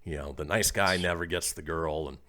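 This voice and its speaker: A man's voice: extremely low pitch, fairly even intonation, fairly quick, bright, forceful tone. A man hosting a radio talk show, reading listener posts aloud and chuckling often. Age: adult, calls himself old. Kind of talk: casual radio chat.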